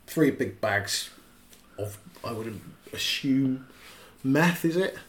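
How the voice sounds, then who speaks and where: A man co-hosting a casual podcast, lively as he argues over plot points of a film. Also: mid-range voice, slow. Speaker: podcast co-host.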